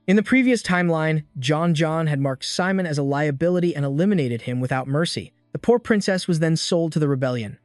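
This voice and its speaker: A man narrating a scripted story recap with a steady storytelling delivery. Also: fairly high pitch, a little fast, hardly any pauses, dry recording, studio quality, faint music behind.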